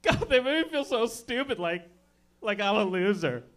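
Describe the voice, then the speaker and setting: A man's voice: high-pitched, sing-song, moderate pace, a bit bright. A man voicing a whiny young woman complaining to her friend.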